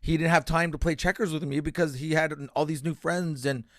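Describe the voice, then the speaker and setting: A man's voice: a little high, steady tone, brisk, fairly bright tone, no room sound, studio quality. A male comedian with a Canadian accent, telling a personal story in a radio interview, candid and emotional, swearing freely and restarting his sentences. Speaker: comedian guest. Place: radio studio.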